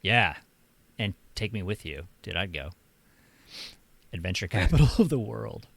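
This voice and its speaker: A man's voice: fairly low pitch, lively intonation, measured pace, creaky, a bit bright, breathy edge, dry recording. An American man hosting a casual chat, rambling and laughing often. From United States. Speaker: host.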